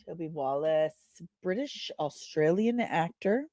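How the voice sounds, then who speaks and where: A woman hosting a live show, reading viewer comments aloud and answering them in a chatty way with quick asides, often laughing at herself. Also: deep voice, expressive, warm tone, no room sound, clean studio sound. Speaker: host.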